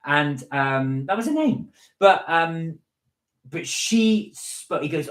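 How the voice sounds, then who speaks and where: A man's voice: a little high, expressive, takes it slowly, fairly bright tone, reverberant. A man from the West Country co-hosting a live stream, chatting casually and telling stories with frequent laughs. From West Country of England. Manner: chatty storyteller, laughs often, slips into impressions. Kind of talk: casual chat.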